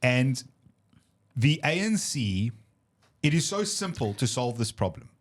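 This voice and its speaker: A man co-hosting a political podcast, talking in an animated, emphatic way and often repeating words as he tells stories. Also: medium pitch, unhurried. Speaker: podcast co-host. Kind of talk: casual political discussion.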